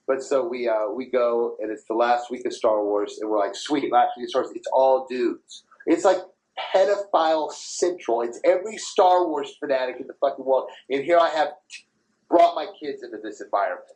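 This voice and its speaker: A man in his thirties hosting a podcast, telling profane, animated anecdotes in casual chat and laughing as he goes. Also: medium pitch, moderate pace, low-quality recording. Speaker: podcast host.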